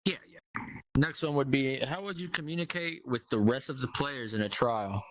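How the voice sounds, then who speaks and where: A man's voice: mid-range voice, moderate pace, no room sound, low-quality recording. A man interviewing an auditioner, reading questions in a laid-back, slangy way.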